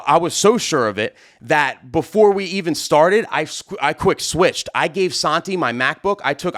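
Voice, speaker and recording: A man, a wedding DJ, telling a story to camera in a rambling, excitable way, full of fillers and "right?" tags. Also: mid-range voice.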